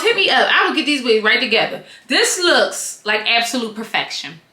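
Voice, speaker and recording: Bright, chatty woman in an echoey room. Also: fairly high pitch. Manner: slangy, animated, wandering into tangents. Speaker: reality TV and wig reviewer. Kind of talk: casual chatty review.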